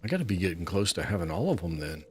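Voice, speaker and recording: A man hosting a relaxed let's play, chatting and musing aloud as he plays. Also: low-pitched, very fast, faint music behind. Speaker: gameplay host.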